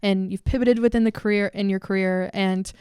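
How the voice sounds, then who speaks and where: A woman's voice: mid-range voice, steady tone, brisk, a little mellow, smooth, no echo, studio quality. A young woman in her twenties hosting a podcast, gushing and emotional in casual chat, swearing freely. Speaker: podcast host.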